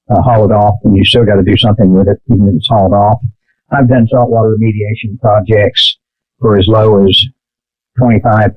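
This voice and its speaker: A man who runs an environmental cleanup business, speaking in a measured way on a podcast and pausing often with "uh". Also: fairly low pitch, dry recording. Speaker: environmental remediation business owner. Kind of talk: casual podcast chat. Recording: dry, tinny phone-like line.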